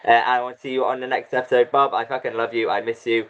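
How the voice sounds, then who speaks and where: A man's voice: mid-range voice, fairly even intonation, fast, fairly bright tone. A man hosting a casual podcast chat, self-deprecating and laughing often. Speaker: host. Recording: dull lo-fi audio.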